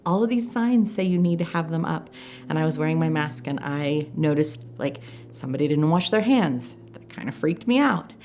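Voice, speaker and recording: A woman with a low-pitched voice shares a personal story straight to camera. She speaks earnestly and reflectively, slowing down on the points she wants to stress. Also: animated, darkish tone, slight background noise. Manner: reflective, earnest, slows down for emphasis. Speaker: life coach.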